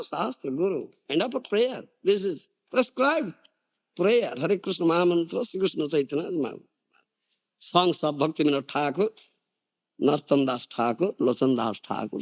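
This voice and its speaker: An older man from India giving a devotional lecture, animated, firing off rhetorical questions and laughing often. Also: on the high side, creaky. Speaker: spiritual teacher.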